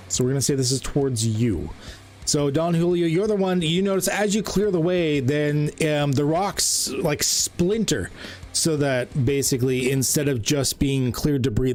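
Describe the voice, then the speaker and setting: A man acting as game master of a tabletop role-playing game. He rambles, often pausing with ums and correcting himself mid-sentence. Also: mid-range voice, a little mellow. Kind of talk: running a tabletop game online.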